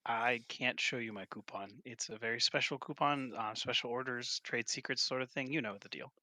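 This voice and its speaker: A man's voice: mid-range voice, normal speed, sharp tone, dry recording. A man playing a tabletop game, joking in a wry, mock-formal manner. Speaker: player. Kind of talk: playful in-character banter. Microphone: online voice call.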